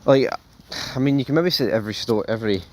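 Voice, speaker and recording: A man's voice: mid-range voice, quick pace, very noisy. Rambling man reviewing a show. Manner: rambling, animated, swears freely, addresses viewers as folks. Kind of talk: casual spoken review.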